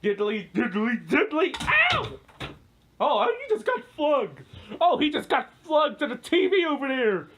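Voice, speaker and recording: A woman giving playful live commentary at home, excitable and full of yelps and exclamations, recorded on a camera mic indoors. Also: sits high, measured pace, slight background noise. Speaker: home video maker.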